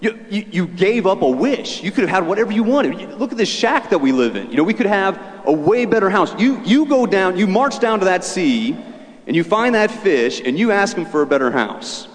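A man's voice: high voice, sing-song, brisk, big-room sound, voice pushed up. A man voicing a greedy, demanding fisherman's wife in a sermon, in a nagging, bossy manner.

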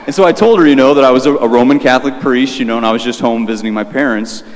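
Young male priest, conversational sermon, mid-pitched voice, long church reverb. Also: racing, a little hiss or hum. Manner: conversational, many fillers and restarts. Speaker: Catholic priest. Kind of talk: sermon with personal story.

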